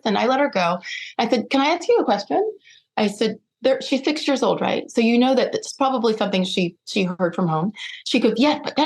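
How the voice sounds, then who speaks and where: A middle-aged woman speaking as a podcast guest, telling a personal story with lively, acted-out dialogue. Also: medium pitch, vocal fry. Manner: animated, acts out quoted dialogue.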